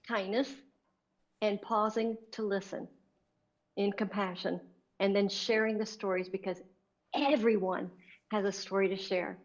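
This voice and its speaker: Earnest woman, dull lo-fi audio. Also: mid-range voice. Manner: earnest, speaks in short gentle phrases. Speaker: guest speaker. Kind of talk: congratulatory speech.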